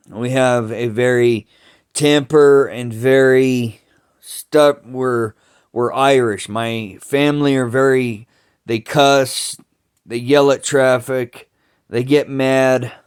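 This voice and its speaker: A man telling family stories in a slow, halting way, restarting sentences often and cursing casually. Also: medium pitch, smooth. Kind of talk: rambling family storytelling.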